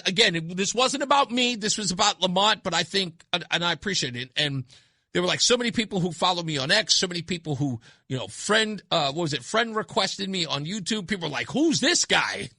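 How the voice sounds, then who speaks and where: A man's voice: high-pitched, animated, fairly quick, bright, forceful tone, no room sound. A man hosting a talk radio show, speaking bluntly and emphatically into a studio microphone, repeating his points for effect. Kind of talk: opinionated talk radio monologue.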